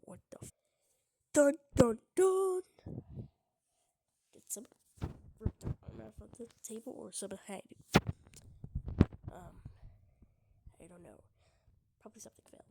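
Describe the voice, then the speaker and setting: A woman's voice: medium pitch, normal speed, vocal fry, pauses often, very noisy. A young woman giving casual gameplay commentary, giggling and often dropping into half-whispered asides. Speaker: gamer.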